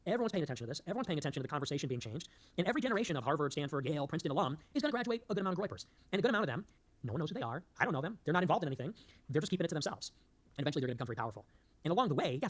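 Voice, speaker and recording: Guy hosting a political show, talks super fast, higher voice, rambles and jokes. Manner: rambling, emphatic, loses his thread and jokes. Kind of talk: fast-talking political monologue.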